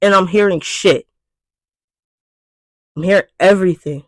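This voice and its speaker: A young woman vlogger in an exasperated, swearing rant, breaking into loud outbursts. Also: on the low side, a little slow, no echo, low-quality recording. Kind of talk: ranting vlog monologue.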